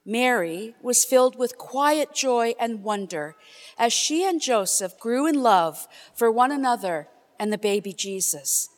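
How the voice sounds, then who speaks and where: Woman reader, high and animated, slow sing-song Christmas story, long hall reverb. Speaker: scripture storyteller. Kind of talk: reading a nativity story.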